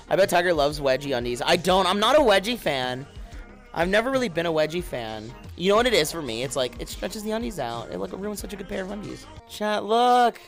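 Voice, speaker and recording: A man's voice: on the high side, a bit bright. A young man in casual livestream chat, giggling often and talking straight to his viewers. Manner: giggly, chatty, addresses viewers.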